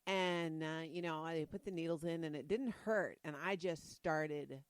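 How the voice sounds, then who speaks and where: A woman's voice: sits low, measured pace, smooth, no room sound. A woman co-hosting a podcast in casual chat, talking in a conversational way. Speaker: podcast co-host.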